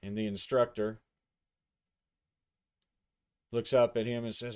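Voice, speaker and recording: A man's voice: mid-range voice, little pitch movement, fairly quick, clear, resonant tone. A man narrating a solo tabletop game, thinking aloud as he describes the action and his dice rolls.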